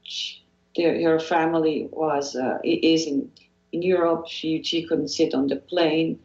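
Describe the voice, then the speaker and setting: Steady, a little slow and slightly mellow, this fairly low Swiss-accented voice carries some vocal fry. The woman, a guest hypnotherapist from Switzerland, gives earnest, encouraging motivational interview talk, frequently restarting and repeating herself. The audio is dull, lo-fi and echoey.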